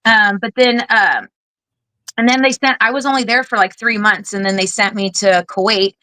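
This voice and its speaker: A bright, forceful woman's voice, close and dry on the mic. She is a military veteran in her forties giving a candid interview, blunt and animated, with casual swearing. She acts out what other people said as she goes. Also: mid-range voice, normal speed, dry recording, rough recording. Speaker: guest, Air Force veteran.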